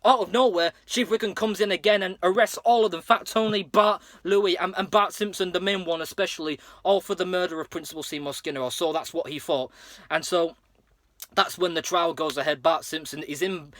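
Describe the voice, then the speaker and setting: Man, casual episode recap, rambling, fairly high-pitched, dry close sound. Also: fairly quick, fairly bright tone, no room sound. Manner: rambling, many fillers and restarts. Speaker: episode reviewer.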